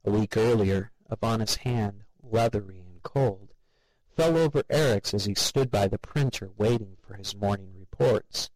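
A man's voice: fairly low pitch, normal speed, no echo, low-quality recording. A man narrating a story as an audiobook reader, voicing the characters himself. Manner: steady, gravelly, reads all the voices. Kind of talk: scripted narration.

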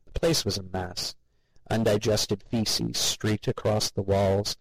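Low-voiced man telling a story. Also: fairly even intonation, slow pace, vocal fry, dry recording, low-quality recording. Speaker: narrator. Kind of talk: storytelling narration.

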